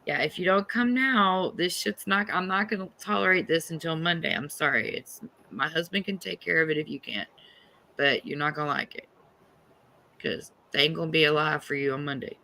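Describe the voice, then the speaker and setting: A middle-aged woman hosting a livestream, telling a story in a casual, animated and profane way. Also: sits low, normal speed, a little hiss or hum. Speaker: livestream host.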